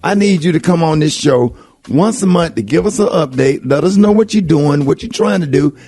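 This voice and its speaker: A man hosting a radio morning show, talking in animated, repetitive bursts. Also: fairly high pitch, normal speed, dry recording. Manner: animated, repeats words when excited. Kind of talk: excited radio show banter.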